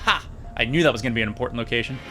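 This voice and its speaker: A man's voice: medium pitch, rapid-fire, over loud music. A man casually reviewing an old episode with sarcastic, jokey asides. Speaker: video reviewer.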